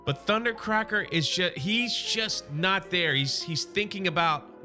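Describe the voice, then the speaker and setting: A man's voice: fairly high pitch, unhurried, sharp tone, soft background music. A man casually recapping a comic story as an enthusiastic fan, loose and chatty with some restarts. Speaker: comic book YouTuber.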